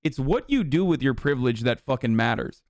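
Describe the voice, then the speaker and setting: A man's voice: mid-range voice, very animated, fairly quick, dry recording, clean studio sound. A man streaming live, reading text aloud and reacting with blunt, profane, exasperated rants.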